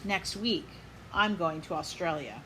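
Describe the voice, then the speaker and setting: A woman reads a children's picture book aloud in a bright, clear voice, pausing now and then to give small life lessons to children and parents. She asks her young listeners to chant along with her. A faint hiss sits under her voice. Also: on the low side, lively intonation, poor audio. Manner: pauses to add gentle life lessons for kids and moms. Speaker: storybook reader.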